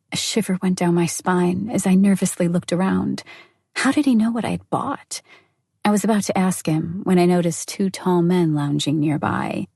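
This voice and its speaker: A woman reading a first-person novel aloud in an even, intimate way. Her voice is mellow and slightly breathy and sits a touch low. The recording is close and dry. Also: normal speed, no echo. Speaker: audiobook narrator. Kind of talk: first-person audiobook narration.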